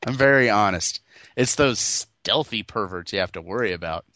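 A man's voice: fairly low pitch, animated, moderate pace, sharp tone, no echo. A man in casual podcast banter, crude and joking, laughing often.

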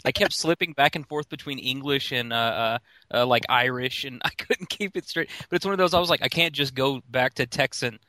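Guy rambling thru a work story, lots of uhs, bright tone. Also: mid-range voice, fairly quick, dry recording. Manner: rambling with many uh fillers and restarts. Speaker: phone support worker. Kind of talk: casual podcast storytelling.

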